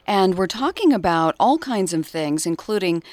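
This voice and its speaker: A woman hosts a public radio interview in a slightly low voice, friendly and curious. She speaks close to a studio mic in a dry booth. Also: big pitch swings, normal speed, darkish tone, no echo. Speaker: radio host. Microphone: studio microphone.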